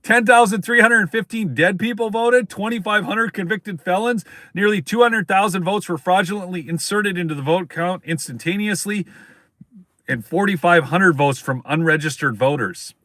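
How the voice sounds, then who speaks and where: Emphatic high-voiced male commentator. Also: normal speed, sharp tone, no room sound. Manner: emphatic, repeats points, addresses viewers as folks. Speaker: political commentary host. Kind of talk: live-stream political commentary.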